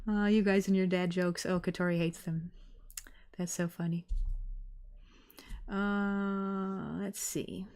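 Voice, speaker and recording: A woman's voice: mid-range voice, flat delivery, takes it slowly, long pauses, a little mellow, smooth. A middle-aged woman streaming, chatting casually and rambling with many fillers as she reads viewer comments. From United States.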